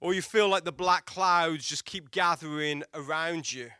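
High, bright-voiced man preaching a sermon. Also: moderate pace, clear, resonant tone, no room sound, clean studio sound. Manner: dramatic swings between loud and hushed delivery; storytelling with rhetorical questions to the congregation. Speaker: pastor.

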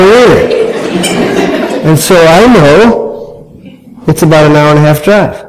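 A man's voice: high-pitched, a little slow, rough recording. A man telling a humorous family story to an audience, self-mocking and acting out his family's voices.

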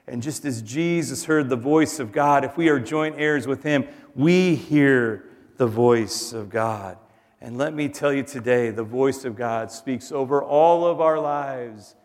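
Male pastor, mid-pitched, earnest sermon delivery, long hall reverb. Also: slow pace. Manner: earnest, drops to a soft hush on tender lines.

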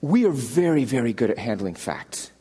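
A man's voice: mid-range voice, big pitch swings, normal speed, mellow, husky, in a large hall. A man preaching a conversational sermon, telling stories and acting out the people in them with their own voices. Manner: conversational, acts out quoted characters with voices. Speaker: pastor. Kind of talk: sermon with storytelling.

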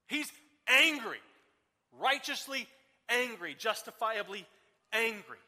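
High, bright-voiced man preaching. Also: big-room sound. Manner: energetic, conversational with rhetorical questions. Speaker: guest preacher. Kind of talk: sermon.

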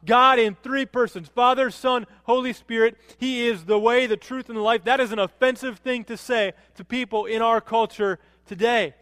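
A man preaching a sermon as a pastor, animated, rising to emphatic peaks and dropping low to quote. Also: normal speed, few pauses, no room sound, clean studio sound, big-room sound.

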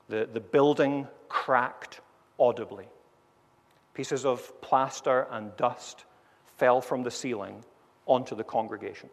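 A man preaching a sermon to a congregation in earnest, varied tones, moving from story to prayer. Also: medium pitch. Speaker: pastor. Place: church. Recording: long reverb of a large hall.

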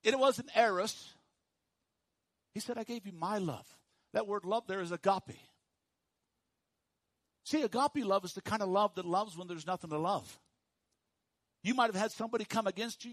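A pastor preaching a sermon to his congregation, dropping to hushed, slow emphasis and rising to loud, high calls for the room to repeat after him. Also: no room sound. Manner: swings from hushed low emphasis to loud high call-and-response.

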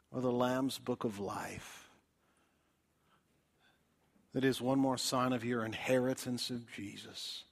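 A male preacher giving a dramatic evangelistic sermon in a church, swinging from loud appeals to hushed whispers. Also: medium pitch.

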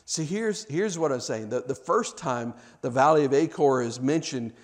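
A man preaching a sermon, swinging from hushed, reflective stretches to loud, impassioned ones. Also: medium pitch, animated, normal speed.

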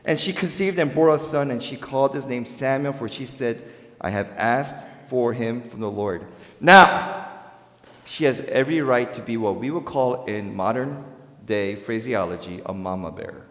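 A male pastor preaching a sermon, swinging between loud, rising emphasis and quiet, low asides. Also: moderate pace. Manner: dynamic preaching with sharp swings in pitch and volume. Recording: echoey hall with long reverb.

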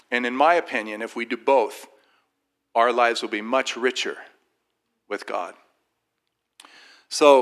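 Brief: man, bright, forceful voice, informal faith testimony, lively storyteller who mimics others. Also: medium pitch. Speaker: Christian speaker sharing a personal testimony.

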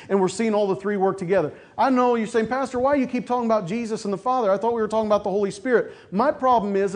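A man preaching a sermon as pastor, asking his congregation questions and answering them, building to loud emphasis and then dropping soft. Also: high voice.

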